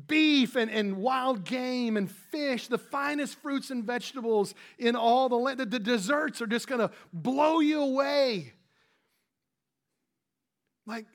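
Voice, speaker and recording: A man's voice: extremely high pitch, lively intonation, normal speed. A man pastor giving a conversational sermon, with frequent restarts and fillers.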